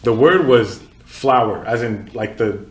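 In a reverberant space, a podcast host in his twenties, originally from Nigeria, tells stories in a relaxed chat, sprinkling in many filler words. He talks fairly quickly in a mid-range voice.

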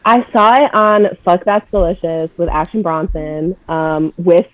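A young woman in casual chat, talking fast with lots of fillers, blunt and swearing freely. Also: lowish voice, no room sound, highs cut off.

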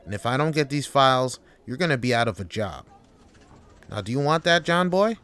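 A man's voice: medium pitch, expressive, fairly quick, fairly bright tone, smooth, lightly acted. A man voicing a demanding, condescending male office manager who belittles his worker. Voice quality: pushy and belittling, keeps getting the worker's name wrong.

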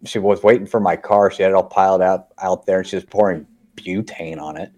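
Man, podcast host, casual chat, rambling stories, frequent swearing, deep voice. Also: steady tone, fairly quick, a little mellow. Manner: rambling storyteller, swears often.

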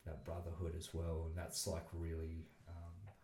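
Low-voiced Australian man rambling casually. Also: completely flat delivery, normal speed, warm tone, slight background noise. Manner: rambling and loose, with many fillers and swearing. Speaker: podcast guest. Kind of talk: casual chat. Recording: roomy echo.

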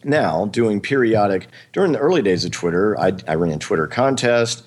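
Male podcast host, deep voice, loose rambling talk. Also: expressive, normal speed. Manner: rambling, hesitant, frequent fillers and laughs. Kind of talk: casual chat.

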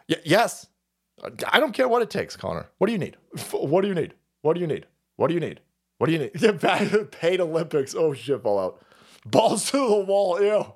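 A man hosting a livestream, ranting crudely about politics and reacting to chat, cursing freely, laughing often and breaking into sudden shouts. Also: fairly high pitch. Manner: foul-mouthed, rowdy, laughs and shouts often. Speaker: livestream host.

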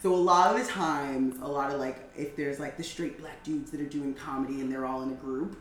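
A woman comedian from Brooklyn, chatting on a podcast as a guest, telling lively stories and mimicking people as she goes. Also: extremely low pitch, a little fast, roomy sound, slight background noise, poor audio. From Brooklyn, New York. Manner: animated, laughing storyteller, mimics people. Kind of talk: casual podcast chat.

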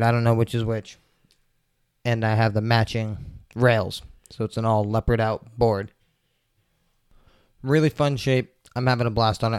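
A man's voice: medium pitch, clear, resonant tone, no echo, studio quality. A man hosting his own podcast from a table at home, rambling and swearing in a laid-back way while he is stoned. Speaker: podcast host. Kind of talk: casual solo podcast chat. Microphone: table mics.

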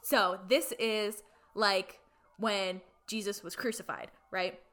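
Chatty woman w a bright crisp voice, says like a lot, cheeky little asides. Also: mid-range voice, steady tone, slow. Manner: chatty, full of "like" fillers; playfully irreverent asides. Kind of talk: casual chat retelling a film plot.

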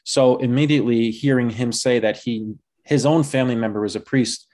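A man's voice: medium pitch, steady tone, a little fast, darkish tone. A young man telling a personal story in a casual, chatty way, with many filler words, laughing at himself now and then. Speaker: guest telling his vocation story.

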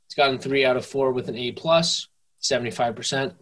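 A young man co-hosting a casual podcast, tipsy and playful, slipping into mock-infomercial pitches. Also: brisk, fairly bright tone. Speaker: podcast co-host. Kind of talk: casual drunk podcast banter.

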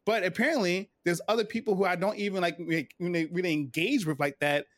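A man in his forties, a retired Navy veteran, telling a personal story in a casual interview, animated and full of fillers and restarts. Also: high voice, fast talker, dry recording, clean studio sound.

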